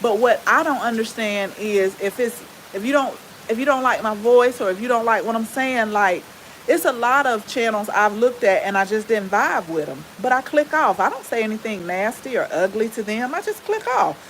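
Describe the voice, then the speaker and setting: A woman with a Southern US accent and a relaxed drawl, chatting casually with viewers as the host of a gardening channel. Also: on the high side, normal speed, a little hiss or hum, poor audio. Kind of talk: casual live-stream chat with viewers.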